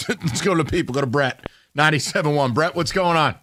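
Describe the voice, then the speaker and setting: A male sports radio host bantering in the studio, brisk and teasing. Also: fairly high pitch, sharp tone. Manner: brisk, teasing, quick to laugh. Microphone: studio mic.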